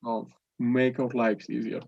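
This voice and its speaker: A young man with Spanish as his first language works through his answers in careful, halting English, restarting phrases often. His voice sits at a middle pitch. The sound is dry and close but dull, like lo-fi online call audio. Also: fairly even intonation, creaky, a little mellow, no echo. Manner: hesitant, many restarts and fillers. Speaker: English student. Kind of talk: conversation practice.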